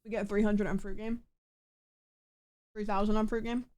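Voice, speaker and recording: A young adult woman with a hoarse, put-on smoker voice, chatting playfully and rambling through jokes on a live stream. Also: mid-range voice, little pitch movement, normal speed, warm tone, no room sound. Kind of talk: casual live-stream chat.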